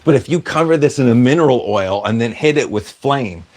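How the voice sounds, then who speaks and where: A man's voice: medium pitch, lively intonation, fairly quick, a little mellow. A man casually chatting on a livestream, reading out viewer comments and answering them in a rambling, self-deprecating way. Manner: chatty, self-deprecating, wanders off mid-sentence.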